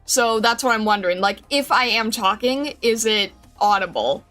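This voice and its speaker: Soft music plays behind a woman streamer whose slightly high, expressive, somewhat bright voice moves at normal speed. She's bubbly and giggly with her live chat, naming viewers as she greets them, from a home streaming room with a fan and a noise-filtered desk mic.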